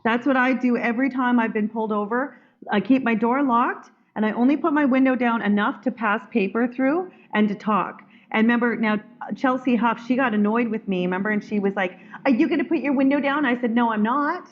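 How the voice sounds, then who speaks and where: A woman's voice: a little high, brisk. A woman hosting a group video call, talking in a blunt, firm way with many restarts. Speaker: call host. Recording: dull lo-fi call audio.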